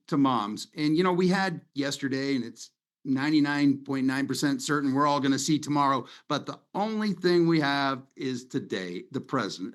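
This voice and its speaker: A man's voice: mid-range voice, fairly bright tone. Middle-aged male webinar host, casual and sentimental, on a video call from a home office. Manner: conversational, rambling, sentimental. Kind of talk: casual presentation over slides.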